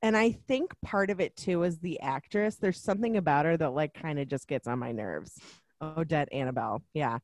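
A woman's voice: low voice, moderate pace, a little mellow, no echo. A woman in a casual movie chat who talks in an easygoing way and laughs often. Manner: chatty, laughing, says "you know what I mean".

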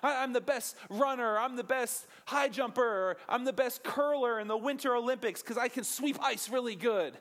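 A young man giving an energetic, joking sermon as a pastor, asking the audience questions. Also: very high-pitched, normal speed, hardly any pauses. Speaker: youth pastor.

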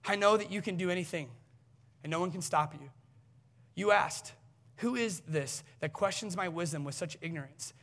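A man's voice: high voice, normal speed, gravelly, fairly bright tone. A man preaching, reading aloud the words of Job as a humbled, suffering man taking back what he said.

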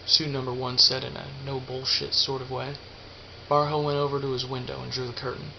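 A man narrating a story aloud in a steady, even reading. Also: medium pitch, a little fast, gravelly. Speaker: audiobook reader. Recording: dull lo-fi with faint hiss.

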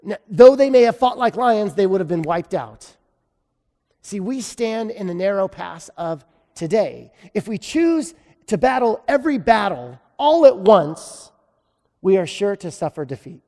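A man's voice: high-pitched, sing-song, a little slow, warm tone, long reverb tail. A man preaching a sermon in a conversational way, with self-deprecating humor. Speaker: pastor.

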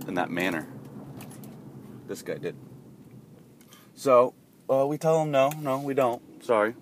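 A man telling a funny story in a casual, rambling way with lots of asides, over traffic noise. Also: lowish voice.

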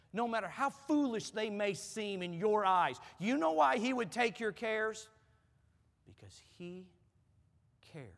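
A middle-aged man preaching a sermon as a pastor, telling a story with repeated words and dropping low and soft for emphasis. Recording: long hall reverb.

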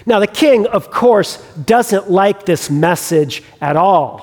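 Male preacher who acts out scripture stories, with a high voice and long hall reverb. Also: slow, few pauses. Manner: animated storytelling, acting out the characters. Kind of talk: sermon retelling a scripture story.

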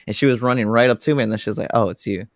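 A man's voice: mid-range voice, steady tone, racing, dry recording, clean studio sound. A man co-hosting a casual podcast, telling a rambling story with many fillers. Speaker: podcast co-host. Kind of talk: casual chat.

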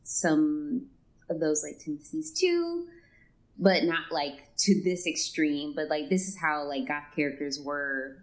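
A young woman co-hosting a laid-back film podcast. She speaks very slowly and haltingly, pausing between short phrases as she thinks. Her voice is slightly low. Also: lively intonation. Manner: slow, halting, thoughtful. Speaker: podcast co-host. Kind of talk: casual film discussion.

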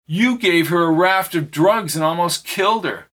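A man's voice: sits high, moderate pace, fairly bright tone, voice pushed up. A man voicing a cold, smug villain who taunts his captive in an audiobook reading. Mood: taunting. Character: cold menacing man who manipulates realities.

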